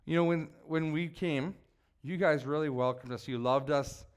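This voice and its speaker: A man's voice: on the high side, moderate pace, smooth. A man preaching a sermon as pastor to his church, earnest and emphatic, prompting the congregation to repeat after him.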